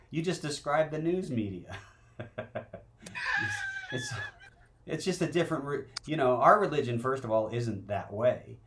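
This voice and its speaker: A man's voice: mid-range voice, expressive, moderate pace, fairly bright tone, slight background noise. A man co-hosting a talk show, chatting casually and laughing often. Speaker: co-host.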